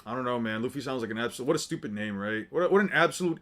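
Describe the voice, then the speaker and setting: A man's voice: mid-range voice, expressive, racing, a bit bright. A young man casually reacting to a comic with his chat, joking around, swearing freely and reading chat messages aloud. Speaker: streamer reading manga with chat.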